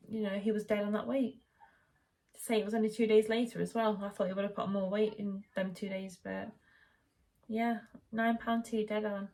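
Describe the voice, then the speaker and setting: Chatty young woman vlogging. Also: medium pitch. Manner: chatty, animated retelling, quoting the midwife in raised voice. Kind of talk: casual chat, telling a birth story. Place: home.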